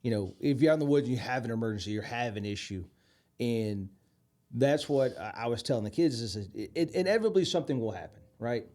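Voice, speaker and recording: A man's voice: mid-range voice, lively intonation, fast, a little mellow. Casual male podcast co-host, rambling storyteller, heavy fillers. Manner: rambling, many fillers and restarts.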